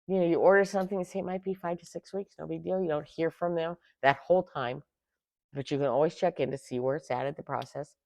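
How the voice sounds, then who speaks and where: Middle-aged female host, lowish voice, exasperated animated rant, dry close recording. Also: fast talker, gravelly, no room sound. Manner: exasperated, animated storytelling with sarcastic asides. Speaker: tarot channel host. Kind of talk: casual rant.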